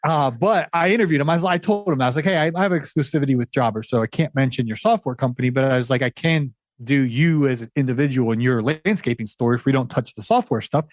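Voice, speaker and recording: A man guesting on a podcast, chatting casually, animated and quick to laugh, with stammering restarts. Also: medium pitch, no room sound, clean studio sound. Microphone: studio microphone.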